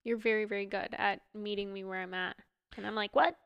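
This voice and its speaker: A woman's voice: medium pitch, flat delivery, a little fast, a bit bright, smooth, dry recording, lo-fi sound. A young woman co-hosting a podcast with her husband, chatty and stuffed up, running out of breath as she talks. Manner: chatty, laughs often, runs out of breath. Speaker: podcast co-host. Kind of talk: casual chat. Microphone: close studio mic.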